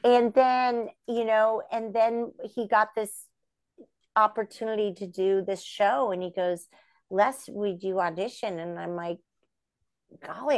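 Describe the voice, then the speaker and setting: A woman puppeteer and voice actress, a guest on a podcast, telling stories in a lively way and slipping into the voices of the people she quotes. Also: mid-range voice, no room sound, clean studio sound. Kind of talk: casual interview storytelling.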